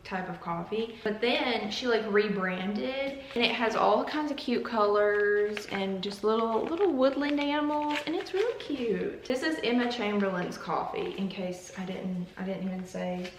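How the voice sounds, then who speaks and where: A woman's voice: mid-range voice, unhurried, few pauses, roomy sound, far from the mic, slight background noise, low-quality recording. A young woman hosting a casual vlog, chatty and joking as she tastes coffees and drifts into tangents. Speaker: YouTuber.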